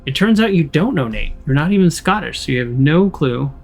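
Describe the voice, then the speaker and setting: A man's voice: fairly high pitch, animated, a little fast, vocal fry, darkish tone, soft background music. An American man casually playing through a story game, reading the text aloud and rambling in jokes between choices. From United States. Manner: rambling, joking, with restarts. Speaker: let's play host.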